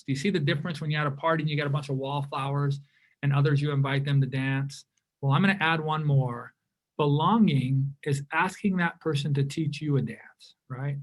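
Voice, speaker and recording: A man leading a diversity workshop speaks in a somewhat high voice. He is animated and often restarts his sentences. He acts out the remarks he quotes. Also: fairly quick. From California. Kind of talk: interactive workshop talk.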